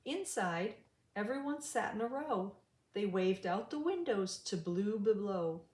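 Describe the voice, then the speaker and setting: Slow, lively woman reading a picture book. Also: mid-range voice. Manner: slow, lively storytelling with sing-song voices for animals. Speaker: storybook reader. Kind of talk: children's picture book read-aloud. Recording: roomy echo.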